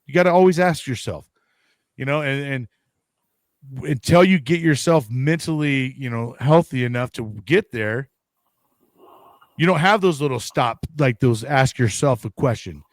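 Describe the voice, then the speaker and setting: Speaking at normal speed with a medium-pitched voice, this podcast co-host from the United States rambles at length in a casual chat, cursing freely and performing his own reactions. There's no echo on the recording.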